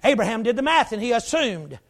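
A man preaching a sermon, emphatic and folksy, with joking asides and bursts of shouting. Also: extremely high pitch, sing-song, fairly quick.

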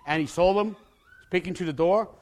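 Preaching his testimony with passion and a high, brisk voice, this pastor frequently breaks into shouts. He tends to repeat words at the start of a phrase.

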